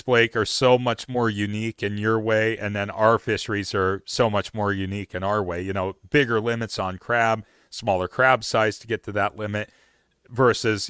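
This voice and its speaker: Male stream host, rambly and casual; bright, crisp tone. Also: lowish voice, no echo, studio quality. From Oregon. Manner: rambling, many fillers and restarts. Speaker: livestream host. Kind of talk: casual outdoors chat.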